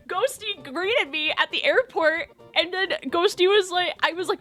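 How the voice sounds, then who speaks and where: A young woman streaming, chatting excitedly and cooing to her pet bird. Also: very high voice, moderate pace, hardly any pauses, faint music behind. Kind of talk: casual chat on stream.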